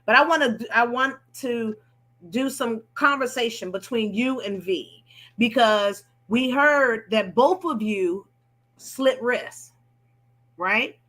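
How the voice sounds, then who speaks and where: A woman's voice: a little high, takes it slowly, a bit bright. A woman hosting a live panel talk, affirming her guests and explaining for viewers. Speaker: host.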